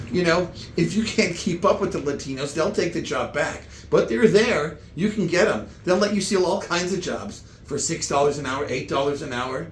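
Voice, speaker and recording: A man telling comic stories in meandering, halting chat full of restarts. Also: a little high, fairly bright tone, roomy sound, slight background noise. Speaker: comedian. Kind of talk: rambling comedic chat.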